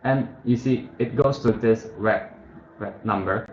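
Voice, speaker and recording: A man with a slightly low voice explains a study app in a loose, thinking-aloud way, often stopping to correct himself. The sound is a bit dull and roomy. A faint hiss sits underneath. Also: unhurried, a little mellow. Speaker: tutorial host. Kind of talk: casual screen-share tutorial. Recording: muffled, echoey room with faint hiss.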